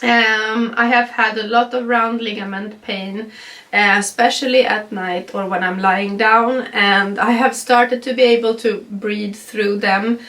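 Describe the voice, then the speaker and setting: A woman's voice: medium pitch, steady tone, measured pace, a bit bright, distant mic. Stuffy-nosed Swedish woman chatting in a vlog. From Sweden. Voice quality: nasal. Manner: chatty, frequent ums, laughs between sentences. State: stuffy nose. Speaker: vlogger. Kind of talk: casual pregnancy update vlog.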